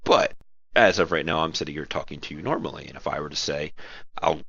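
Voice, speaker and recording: Speaking fast with lively intonation, a man with a very deep, gravelly, husky, slightly bright voice rambles through tabletop game-running tips as a game master, often correcting himself. He records audio only at home, his girlfriend watching TV close by; the sound is dry but muffled.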